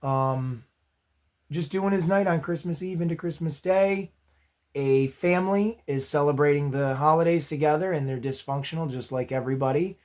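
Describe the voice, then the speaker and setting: Male vlog host, a touch high-pitched, hoarse from losing his voice, friendly rambling review style. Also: moderate pace, darkish tone. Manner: chatty and upbeat, self-deprecating asides. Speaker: movie review channel host. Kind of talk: casual spoken movie review.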